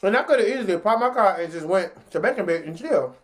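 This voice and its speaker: Chatty animated woman telling a story. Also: fast. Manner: animated, jumps into high pitch when acting out what people said; slangy and chatty, talks straight to viewers. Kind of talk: casual storytime monologue.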